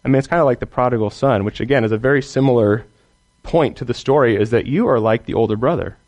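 A man's voice: medium pitch, quick pace, darkish tone. A man teaching others how to preach and teach the Bible, earnest and emphatic, often checking in with the listener.

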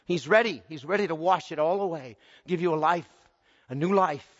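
A man's voice: on the high side, normal speed. A man preaching a sermon, telling a martyr's story with rising, impassioned appeals. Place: church. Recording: dull recording with long church reverb.

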